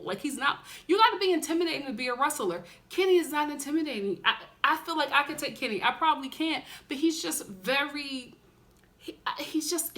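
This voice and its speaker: A woman's voice: a little high, bright, forceful tone. A young woman from Philadelphia, talking straight to her viewers in a casual, emphatic TV recap vlog. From Philadelphia, USA. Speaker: TV recap vlogger.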